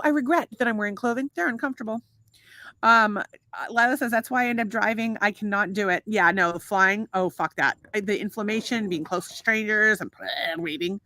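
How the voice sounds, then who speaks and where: A woman's voice: mid-range voice, a little fast, pushed and bright, no room sound. A woman co-hosting a casual podcast, reading out viewer comments in a playful, profane way. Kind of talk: casual chat.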